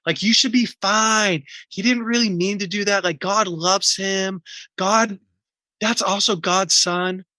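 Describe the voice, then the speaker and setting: A man voicing a dismissive adult who hushes a hurt boy in a soothing, preachy tone. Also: high voice, fairly even intonation, takes it slowly, dry recording, voice pushed up, heavily acted. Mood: hushing. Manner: soothing yet brushing off, preachy.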